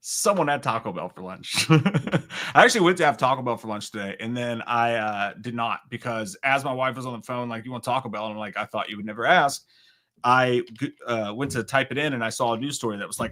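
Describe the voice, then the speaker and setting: A man in his thirties hosting a livestream alone and reading out viewer comments in a rambling, self-mocking way, swinging from loud outbursts to quiet asides. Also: mid-range voice, brisk. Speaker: livestream host.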